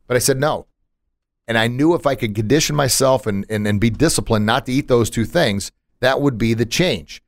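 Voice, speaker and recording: A man's voice: medium pitch, normal speed, dry recording, studio quality. A man hosting a podcast in casual chat, emphatic and motivational, with punchy asides. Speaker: podcast host.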